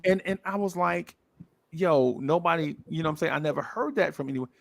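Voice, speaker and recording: Acting out each person's voice, a man tells an animated story in a relaxed podcast conversation, often saying things twice for emphasis. He speaks a little high and fairly quickly, with vocal fry.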